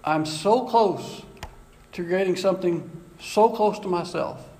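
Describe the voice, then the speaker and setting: A preacher voicing the Lord as an eager creator. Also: male voice, high voice, unhurried, a little mellow, echoey room, rough recording. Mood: earnest.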